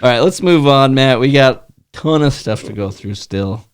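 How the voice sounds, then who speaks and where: A man's voice: mid-range voice, animated, normal speed, smooth, no echo. A man co-hosting a podcast in casual chat, riffing on crude puns and joking with his partner. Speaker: podcast co-host.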